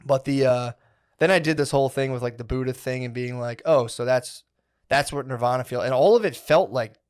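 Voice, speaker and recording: A man's voice: mid-range voice, brisk, darkish tone, clear, resonant tone. Rambling, profane podcast storyteller man. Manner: loose, profane, fills every phrase with "like" and "dude". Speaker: comedy podcast co-host.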